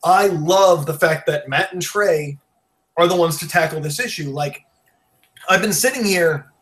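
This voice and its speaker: Guy hosting a podcast, kinda high voice, jittery and rambly, swears a lot, way too much coffee. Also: measured pace, a bit bright. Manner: profane, blunt. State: wired on coffee. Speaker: podcast host. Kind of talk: casual podcast chat.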